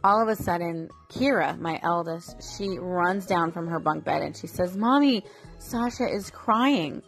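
A woman in her thirties shares a heartfelt family memory with her viewers. Her voice sits a bit low, and her telling is emotional and rambling, full of fillers and restarts. Soft music plays faintly behind her. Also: fairly even intonation, normal speed, gravelly. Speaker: mother vlogger. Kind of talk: personal storytelling to viewers.

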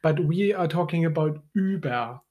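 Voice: medium pitch, lively intonation, moderate pace, darkish tone. German-accented podcast language teacher. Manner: patient, explains step by step with fillers. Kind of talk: bilingual language lesson.

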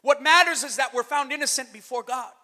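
A man preaching a sermon as pastor, calling out to the church and rising to shouted emphasis. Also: very high-pitched, brisk. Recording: long reverb of a hall.

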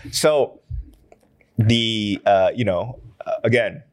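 A lower-voiced man with an American accent co-hosting a loose, profane podcast conversation. He rambles through filler words and hums along while the other host talks. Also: takes it slowly. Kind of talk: casual podcast chat.

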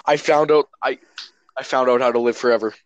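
A young man trades silly jokes with friends on a casual podcast. His pitch sits in the middle, and the sound is dry and close to the mic. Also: fairly even intonation, a little fast, no echo, rough recording. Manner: goofy, joking, recites a comic song. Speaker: podcast co-host. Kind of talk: casual joking chat.

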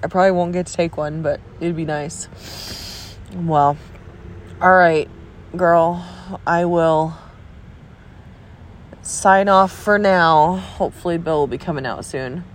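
A woman with a slightly low voice talks slowly into her phone, leaving a rambling, encouraging message for a friend. She sounds tired and stuffy, yawning between thoughts. A dog barks faintly in the background. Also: slight background noise. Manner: rambling and encouraging, trails off and restarts. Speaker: friend sending a video message. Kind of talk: casual recorded message to a friend. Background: dog barking.

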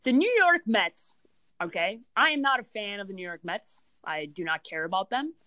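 A woman's voice: mid-range voice, lively intonation, normal speed, bright, forceful tone, dry recording, poor audio. A woman co-hosting a casual sports podcast, ranting in an emphatic, exasperated way. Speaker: podcast co-host.

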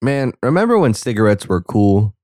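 A young man gives casual reaction commentary over a movie, full of sarcastic asides. His voice sits on the low side. The recording is dry and close, with no room sound. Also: sing-song, normal speed, a little mellow, dry recording.

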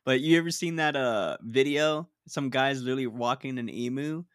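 A man's voice: medium pitch, normal speed, dry recording, studio quality. A man co-hosting a casual podcast, laughing a lot and swearing freely in banter. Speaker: podcast co-host.

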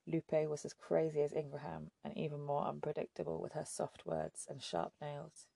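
A woman narrating an audiobook in a steady, measured way. Her voice is gravelly and husky, dark in tone, with a flat, even line. The sound is dry and close. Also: low-pitched, no room sound. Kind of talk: scripted narration.

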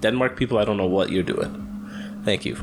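A young man co-hosting a podcast in casual chat, animated and jokey, laughing often. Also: on the low side, fairly quick, noisy background. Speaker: podcast co-host.

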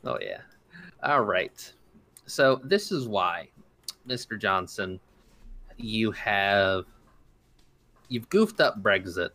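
A man's voice: on the low side, lively intonation, takes it slowly, long pauses, pushed and bright. Indignant rambling man on a podcast. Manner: rambling, indignant, many restarts and fillers. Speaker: podcast co-host. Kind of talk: casual opinion commentary.

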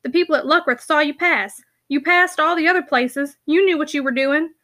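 A woman's voice: high voice, sharp tone. A woman reading a cold unforgiving brother. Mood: cold accusing. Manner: harsh, accusing, measured.

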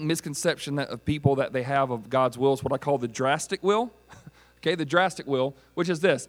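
A middle-aged man preaching a sermon as pastor, telling stories with animated delivery and acting out voices. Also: fairly high pitch. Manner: animated storytelling preacher, acts out quoted voices.

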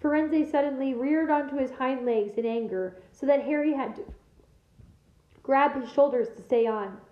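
A woman teacher reading a novel aloud to her class with steady, expressive storytelling. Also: high-pitched, moderate pace, roomy sound, lo-fi sound.

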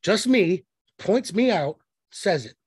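A man's voice: high voice, very animated, slow, husky, no echo. A man co-hosting a podcast in casual chat, blunt and profane, telling rambling stories. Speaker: podcast co-host.

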